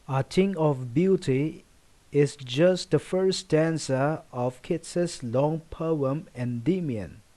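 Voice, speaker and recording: A man giving a recorded poetry lesson, explaining slowly and listing words one by one. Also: medium pitch, darkish tone. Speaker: teacher.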